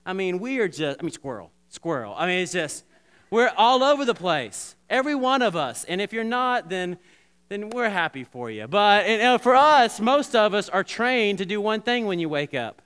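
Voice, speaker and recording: Bright-voiced, animated man preaching. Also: high voice, normal speed, clean tone. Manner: animated, repetitive restarts, addresses congregation directly. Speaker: pastor. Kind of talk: sermon.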